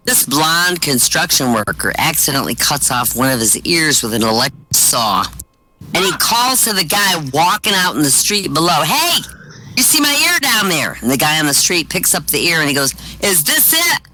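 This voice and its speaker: A man doing stand-up, telling one-liners and short jokes with deadpan punchlines over voice chat. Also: a little high, moderate pace, slight background noise, poor audio. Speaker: stand-up comic. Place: virtual-world comedy venue, voice chat.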